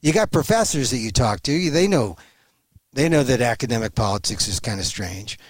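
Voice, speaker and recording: An emphatic man talks as an interview guest over a remote link, his pitch leaping around with animation. He restarts phrases often as he pushes his points. The sound is close and dry. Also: animated, fairly quick, no room sound. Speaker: guest commentator.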